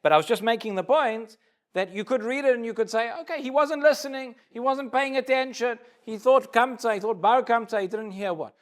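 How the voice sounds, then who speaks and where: A rabbi with an extremely high-pitched voice teaches a live Talmud class at a fairly quick pace. He explains the story step by step, acts out the dialogue, and often repeats small words as he begins a sentence.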